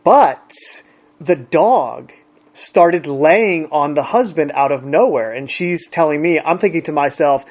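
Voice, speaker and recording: A man's voice: a little high, measured pace, a little mellow. A man relaxedly retelling an everyday encounter in a chatty, conversational way. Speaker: storyteller. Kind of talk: casual anecdote.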